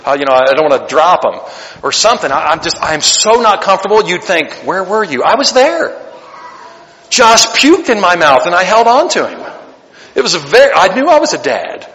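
A man preaching a sermon as pastor, animated and joking, acting out little voices to make his points. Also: high voice, moderate pace. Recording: long hall reverb.

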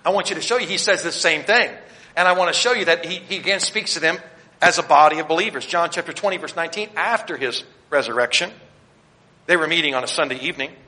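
A Baptist pastor preaching a sermon, swinging between loud declarations and quiet asides as he speaks straight to his congregation and points them to their notes. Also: on the high side, fast talker. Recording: long hall reverb.

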